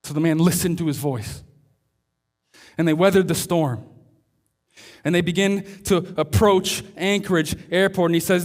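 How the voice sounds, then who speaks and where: A male pastor delivers a sermon as a story, pausing and slowing down to stress his key points. His voice sits high for a man.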